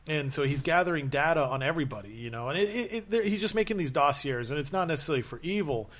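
A man's voice: fairly high pitch, fast, hardly any pauses. Guy just chatting, going on and on with stories, acts out little quotes. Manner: rambling, animated storytelling with acted-out quotes. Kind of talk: casual chat.

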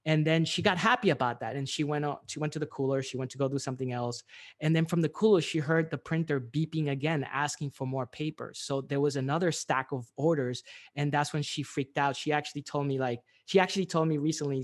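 A man's voice: on the high side, fairly even intonation, fast talker. A man being interviewed, telling a story animatedly with many fillers and restarts. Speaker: guest, business owner.

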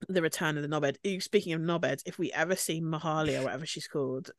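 A woman's voice: sits low, steady tone, quick pace, crowd noise. A woman co-hosting a podcast, chatting casually as she recaps reality TV and acts out quotes from the shows. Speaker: podcast co-host.

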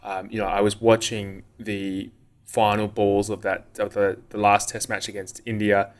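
A man's voice: on the low side, monotone, moderate pace. An Australian man co-hosting a podcast, chatting casually and rambling with lots of "you know" and "um". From Western Australia. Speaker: podcast co-host. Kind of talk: casual chat.

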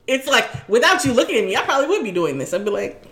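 A woman's voice: on the high side, very animated, brisk. A young woman chatting casually with her roommate, reacting in a dry, matter-of-fact way. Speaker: podcast co-host. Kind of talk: casual chat between roommates. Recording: background noise.

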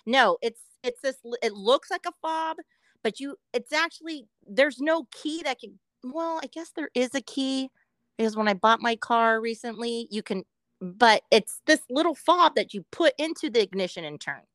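A woman co-host talking casually on a podcast, with a somewhat high voice. She rambles, swears freely and laughs as she goes. The sound is dry and close to the mic. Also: animated, normal speed, a bit bright, no room sound. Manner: profane, laughs often, rambling. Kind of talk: casual chat.

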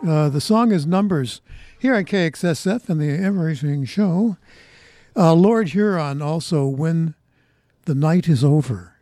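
A man's voice: fairly high pitch, animated, a little slow, mellow, no echo, faint music behind. An older American man hosting a radio show, chatting casually and rambling between songs in a folksy, reminiscing way at a studio microphone. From United States.

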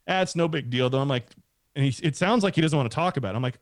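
Man, middle-aged, casual storyteller, rambling and animated, dry close sound, average pitch. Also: rapid-fire, dry recording. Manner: rambling, animated, acts out quoted voices.

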